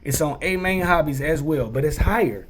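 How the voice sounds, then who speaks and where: A young man giving a casual, animated rant while reviewing RC cars, repeating himself in exasperation. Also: fairly high pitch, normal speed, slight background noise. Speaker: RC car reviewer.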